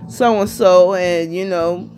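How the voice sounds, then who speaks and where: A woman in her fifties speaking to her viewers in a loose, rambling way. She keeps checking in with the listener and returns to the same points. Faint music plays softly behind her. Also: on the low side, fairly even intonation, slow pace. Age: 50s. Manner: chatty, rambling, constantly asks "you know what I mean". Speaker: vlogger. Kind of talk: casual vlog monologue.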